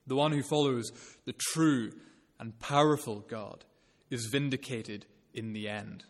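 A man preaching an earnest, measured expository sermon. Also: mid-range voice, steady tone. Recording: long reverb of a hall.

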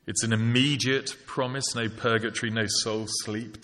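A man's voice: on the low side, moderate pace, hardly any pauses, bright, forceful tone. A man preaching a sermon, reflective and full of rhetorical questions. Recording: long hall reverb.

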